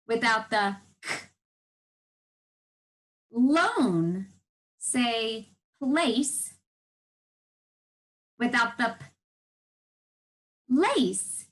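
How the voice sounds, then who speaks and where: Slow, lively woman teaching young children. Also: medium pitch, low-quality recording. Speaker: first grade reading teacher. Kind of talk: televised classroom lesson.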